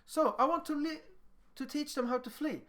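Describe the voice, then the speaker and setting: A man with a Swedish accent giving a lecture on teaching, animated and acting out little dialogues with children. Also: very high voice, normal speed.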